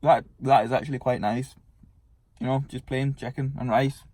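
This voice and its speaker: A man's voice: mid-range voice, fairly even intonation, moderate pace, a little mellow, no room sound. A young man chatting casually about his training in a fitness vlog, laid-back and swearing freely. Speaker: fitness vlogger.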